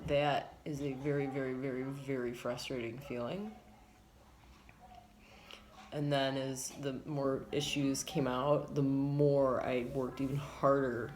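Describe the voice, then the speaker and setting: Low-voiced, frank, rambling woman vlogger. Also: a little hiss or hum. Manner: frank, rambling, emphatic with swearing. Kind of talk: candid personal vlog.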